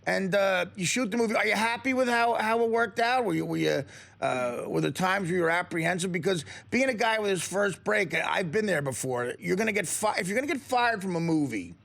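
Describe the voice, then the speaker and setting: Brash radio host with a gravelly high voice. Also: male voice, animated, fairly quick. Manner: brash, crude joking, acts out loud voices mid-riff. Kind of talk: crude comedic radio banter. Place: radio studio.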